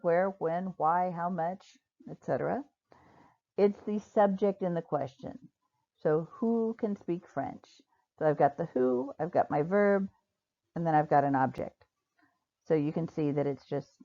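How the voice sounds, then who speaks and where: A woman's voice: on the low side, dark tone. Patient woman teaching grammar, lo-fi. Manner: patient, slow modeling of example sentences. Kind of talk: recorded online lecture. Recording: dull lo-fi recording.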